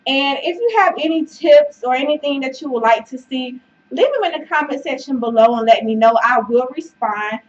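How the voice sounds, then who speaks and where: Speaking at a moderate pace in a high voice, this woman vlogs about fitness straight to camera, chatty, encouraging and full of fillers like "y'all" and "child," now and then short of breath. The sound is dull with faint noise, the mic set back from her.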